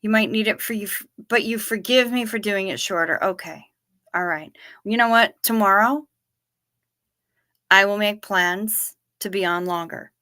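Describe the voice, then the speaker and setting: A woman with a bright, clear tone talks casually to her viewers from her chair at home. She rambles along and often trails off. She is a little sleepy and keeps yawning. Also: mid-range voice, moderate pace. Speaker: livestream host. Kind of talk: casual livestream chat with viewers.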